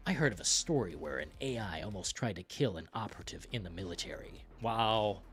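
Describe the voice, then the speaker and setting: A young man hosting a gaming live stream, chatting casually and reading viewer comments in an excitable, profane, rambling way. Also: on the low side, fairly quick, soft background music.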